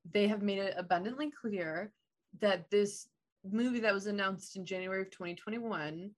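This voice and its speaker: A woman co-hosting a casual film chat, talkative and quick to laugh, with some swearing. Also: mid-range voice. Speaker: podcast co-host. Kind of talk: casual chat about films.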